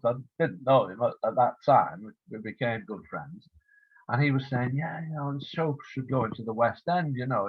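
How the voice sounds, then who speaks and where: A husky-voiced man in his seventies, with a mid-range pitch, is heard over a thin, tinny phone-like line with no room sound. As a guest in a casual storytelling interview, he rambles through an anecdote and slips into quoted dialogue.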